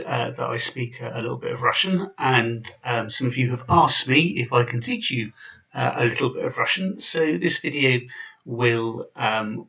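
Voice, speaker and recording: A man's voice: mid-range voice, gravelly, sharp tone, distant mic, highs cut off. A man giving an informal video lesson, chatty and full of fillers and restarts. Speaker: language teacher.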